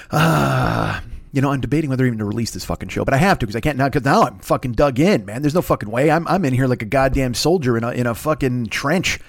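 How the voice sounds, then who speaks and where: A man's voice: medium pitch, dry recording, clean studio sound. A man hosting a podcast, delivering a rambling, profane, self-mocking comedic rant. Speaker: podcast host.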